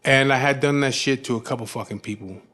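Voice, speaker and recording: A man frankly telling the story of his own past, in rough, profane speech full of "you know what I mean". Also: medium pitch, fast talker, pushed and bright. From California. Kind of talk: candid personal storytelling.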